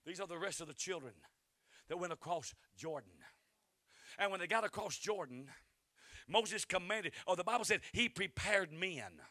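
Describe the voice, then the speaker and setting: A man preaching a fiery revival sermon, his voice pitched very high and ringing very bright. He swings from quiet asides to shouting and keeps calling for answers from the pews. The sound is dry and close, with almost no room around it. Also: lively intonation, normal speed, dry recording. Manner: rises to shouting, calls for responses. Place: church sanctuary.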